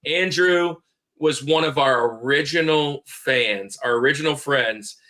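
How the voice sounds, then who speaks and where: A man hosts a casual podcast, his voice bright and forward. He talks in quick, friendly bursts and greets listeners by name. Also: medium pitch. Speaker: podcast host.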